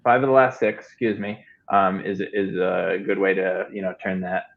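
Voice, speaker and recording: A man hosts a casual sports chat in a low, creaky voice at a moderate pace, sounding easygoing and hesitant and often trailing off. The audio is dull and lo-fi.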